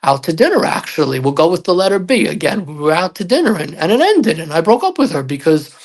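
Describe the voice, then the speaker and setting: A man's voice: fairly high pitch, very animated, quick pace. A man telling a personal story on a podcast as a guest, in a loose, rambling way, acting out what people said and filling gaps with "uh" and "like.". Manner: rambling, acts out quoted dialogue with many fillers. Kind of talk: casual storytelling.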